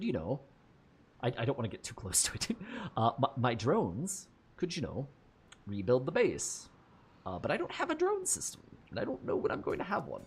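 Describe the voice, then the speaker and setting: Man, husky voice, very lively pitch, casual gameplay commentary, swears and laughs a lot. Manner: laughs often, swears freely, thinks aloud. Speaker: gameplay streamer.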